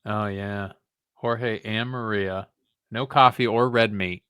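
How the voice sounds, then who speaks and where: A man's voice: fairly low pitch, steady tone, slow pace, pushed and bright, clear, resonant tone, no room sound, studio quality. A man co-hosting a casual movie review chat, joking and laughing often. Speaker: co-host.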